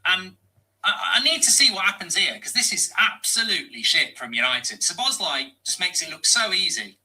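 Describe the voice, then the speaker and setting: A man reacting to a football match live as a fan channel host, exasperated and swearing, often breaking into shouted rants. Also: high voice, sing-song, normal speed, low-quality recording. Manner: swearing, exasperated, ranting at the game.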